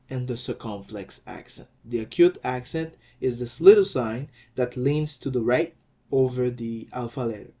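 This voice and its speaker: A man teaching a language lesson, explaining step by step in a deliberate way, often rephrasing himself and adding fillers. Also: mid-range voice, warm tone.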